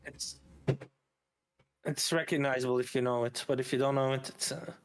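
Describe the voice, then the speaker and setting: A man's voice: mid-range voice, fairly even intonation, moderate pace, a little hiss or hum. A man with a Flemish Belgian accent chatting casually as a streamer host, rambling and hesitating as he goes.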